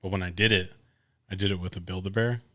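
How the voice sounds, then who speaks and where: A man's voice: deep voice, fast talker. A man in his late twenties, co-hosting a casual podcast chat, telling a story full of swearing and acting out the voices of other people. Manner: profane animated storyteller, acts out others' voices. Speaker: podcast co-host.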